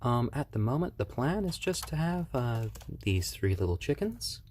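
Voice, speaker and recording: A man hosting a casual live stream, talking softly and fondly to baby chicks, with relaxed, halting speech full of fillers. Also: mid-range voice, slight background noise. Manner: soft, fond cooing to baby birds. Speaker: live-stream host showing pet chicks.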